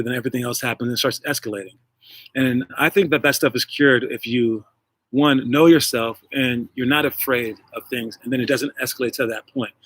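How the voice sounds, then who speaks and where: A man's voice: medium pitch, a bit bright, dry recording. Rambling casual male coach. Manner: rambling, filler-heavy, addresses viewers directly. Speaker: basketball coach and show host. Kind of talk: casual livestream talk and coaching. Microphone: wireless earbuds.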